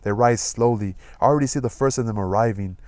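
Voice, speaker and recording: A man reading a novel aloud in a measured, expressive way. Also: medium pitch, no echo. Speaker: audiobook reader.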